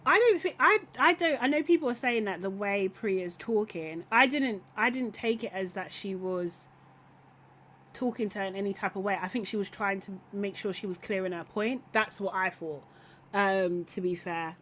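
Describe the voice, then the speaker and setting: A woman's voice: mid-range voice, moderate pace, a bit bright, slight background noise. A woman hosting a live recap podcast, chatting casually and bluntly with opinions, laughing often and trailing off mid-thought. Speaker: podcast host reacting to a reality show.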